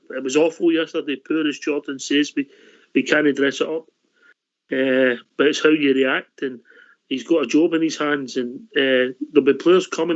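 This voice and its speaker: A Scottish man hosting a call-in radio show in a brisk, friendly way, cutting in to bring callers on. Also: a little high. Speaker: host. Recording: dull lo-fi line.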